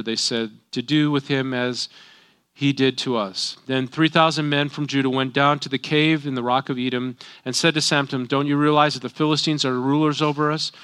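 A man's voice: a little high, sharp tone, clean tone. A middle-aged man reading a Bible passage aloud and breaking in with casual, folksy comments as a teacher. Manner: reads scripture then breaks in with folksy asides.

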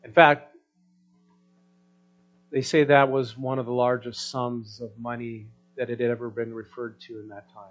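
A man preaching a sermon in a conversational way, checking in with the congregation through rhetorical questions and swinging between loud emphasis and soft asides. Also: mid-range voice, flat delivery, measured pace, long pauses, highs cut off. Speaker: pastor.

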